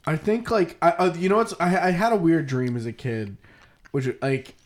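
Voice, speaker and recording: A man's voice: a little high, lively intonation, moderate pace, slight background noise. A man in his twenties chatting casually on a podcast, often hesitating with "um" and swearing offhandedly. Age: 20s. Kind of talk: casual chat.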